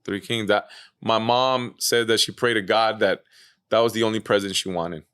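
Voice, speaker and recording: A man as a podcast guest, telling stories in a casual, animated way, peppered with "man" and "bro". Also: lowish voice, moderate pace, clean tone, no room sound, studio quality. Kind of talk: casual storytelling chat.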